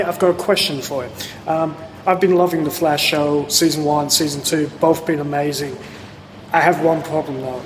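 A tired Australian man records a friendly video question for a fan show. His voice sits a little high for a man and is casual and chatty, with a faint background hiss. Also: poor audio. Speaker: viewer sending a video question.

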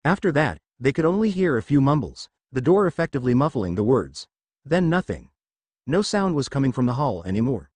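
Male narrator, storybook reading, lively pitch, dry close sound. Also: brisk, dry recording. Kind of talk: storybook reading of fan fiction.

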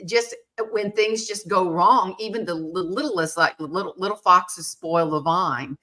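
Bright, animated woman telling stories. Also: on the low side, unhurried. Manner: animated, self-mocking, acts out quotes. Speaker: podcast host. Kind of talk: casual storytelling chat.

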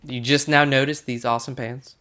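With a medium-pitched, sharp voice that barely moves in pitch, a man talks fairly quickly. He's gaming with a friend in a casual chat, playful and jokey, with teasing and mock-regal bits thrown in.

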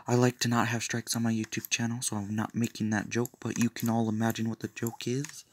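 A man's voice: on the low side, slight background noise. A young man casually telling a fan-made story, rambling with loose fillers, restarts and jokey asides.

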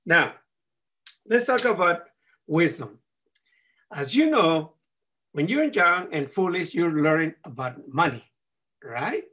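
Guy doing a comedy contest speech, high voice, bounces up and down a lot, keeps saying right?. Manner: animated, often tags "right?". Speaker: contest speaker.

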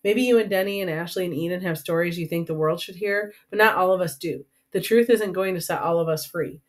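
A woman's voice: on the low side, a little fast, natural voice. A woman reading as a defensive teenage boy. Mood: shouting.

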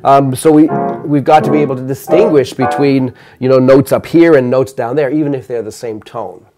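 An older man giving a measured, explanatory math lecture, counting notes aloud while playing piano. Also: medium pitch, fairly even intonation.

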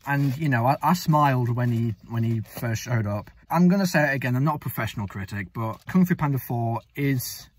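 Husky young man chatting about films. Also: mid-range voice, a little fast, few pauses. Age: young adult. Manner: relaxed, hesitant with restarts. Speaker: film review co-host. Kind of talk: casual film review chat.

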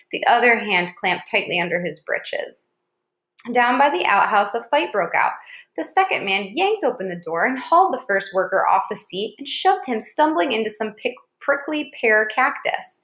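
A woman's voice: mid-range voice, fairly bright tone. A woman narrating a chapter of an audiobook, with small slips and restarts as she reads. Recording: roomy echo.

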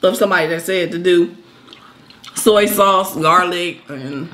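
A woman's voice: lowish voice, a little slow, fairly bright tone. A woman co-hosting a mukbang, chatting casually and laughing easily as she eats. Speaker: co-host of a mukbang channel. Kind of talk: casual chat while eating.

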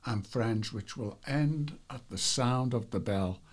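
This devotional livestream host talks slowly in a mid-range voice. He greets each viewer individually and keeps the chat loose, wandering a little and using fillers.

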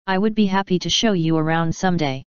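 A flamboyant, teasing male chaos spirit from a storybook, as a woman reads him out. The voice sits low for a woman and stays crisp and clear. The recording is dry and a little dull. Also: fast talker, no room sound, lightly acted. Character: ancient chaotic male spirit creature, theatrical.

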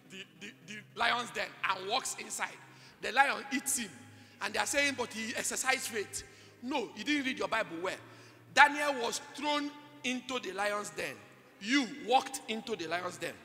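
A Nigerian man preaching to a conference crowd, his voice very high for a man and tensely bright with a gravelly edge. He throws questions at the congregation and erupts into shouts. The sound carries a long hall reverb, with faint music playing underneath. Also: a little slow. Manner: call-and-response preaching, bursts of shouting. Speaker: pastor. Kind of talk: sermon. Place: large church conference hall.

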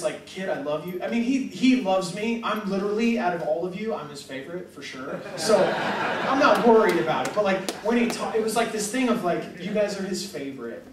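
Young guy preaching, high voice, super animated, acts out convos, hall echo everywhere, kinda far off. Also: slight background noise. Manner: excitable, jokey, acts out both sides of conversations. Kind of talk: animated sermon storytelling. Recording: echoey hall mic from a distance.

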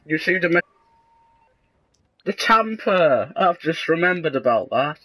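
A young man with a sarcastic, deadpan manner, casually commentating a video game and breaking into sudden excited yelps. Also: on the high side, measured pace, rough recording. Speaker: gaming video host.

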